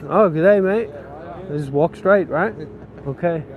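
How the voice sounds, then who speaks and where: Guy on a street ranting, swearing, fed up, voice a bit on the high side. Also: a little slow, narrow, tinny audio. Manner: frustrated, swearing, grumbling. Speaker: vlogger. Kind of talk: profane ranting vlog. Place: outdoor city streets.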